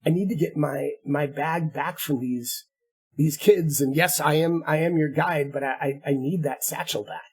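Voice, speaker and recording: A man's voice: a little high, moderate pace, breathy edge. A man voicing a flustered teenage centaur girl. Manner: stammering, apologetic.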